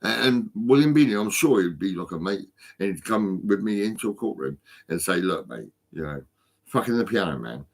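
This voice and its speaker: A man's voice: on the low side, animated, fairly quick. A stoned man rambling and swearing constantly into his phone for a vlog. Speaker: vlogger.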